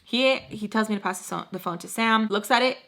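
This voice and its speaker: A young woman tells a personal story in a loose, chatty vlog style. Her voice sits at an ordinary middle pitch, and she leans on fillers as she talks. She slips into the people she quotes as she goes along. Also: fairly quick, a bit bright. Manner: chatty, filler-heavy, acts out quoted dialogue. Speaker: storytime vlogger. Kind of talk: casual storytelling.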